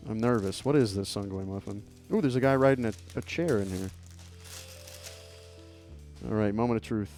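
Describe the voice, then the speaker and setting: A man's voice: fairly low pitch, normal speed, long pauses, a little mellow, faint music behind. A man hosting a live stream, opening fan mail and chatting in a playful, joking, thankful way. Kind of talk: casual live-stream chat.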